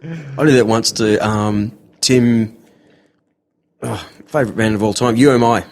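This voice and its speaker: A man with an Australian accent hosting a casual chat, keeping it going with quick agreement and telling self-deprecating stories of his own. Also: fairly low pitch. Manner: chatty, quick affirmations, self-deprecating anecdotes. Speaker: podcast host.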